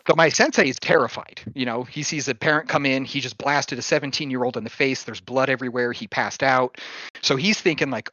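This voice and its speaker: Bright-voiced man telling a wild story. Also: medium pitch, brisk, dry recording, dull audio. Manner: lively, swears freely, chuckles through his story. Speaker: podcast host telling a story. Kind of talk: casual storytelling chat.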